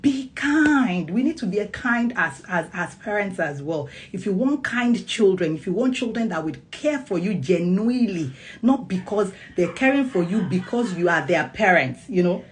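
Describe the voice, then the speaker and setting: A woman and child psychologist talking casually to camera about parenting, animated and laughing often as she acts out little scenes. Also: medium pitch, moderate pace, a little hiss or hum. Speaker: parenting vlogger.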